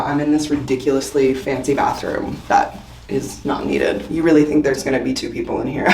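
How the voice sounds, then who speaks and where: A woman vlogging casually while getting ready in a hotel bathroom, her voice hoarse from shouting, chatty and rambling with frequent laughs. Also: low-pitched, slight background noise. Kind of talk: casual chat to camera.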